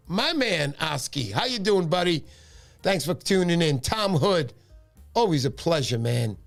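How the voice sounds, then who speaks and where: A man's voice: on the high side, sing-song, unhurried, creaky, fairly bright tone, soft background music. A man hosting a casual fishing livestream, tired, greeting viewers by name in a friendly way.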